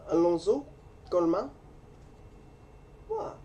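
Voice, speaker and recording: A woman's voice: lowish voice, sing-song, takes it slowly, dark tone, dull audio, slight background noise. A woman opening trading card packs in casual chat, joking around in clumsy French. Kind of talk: casual box-break chat.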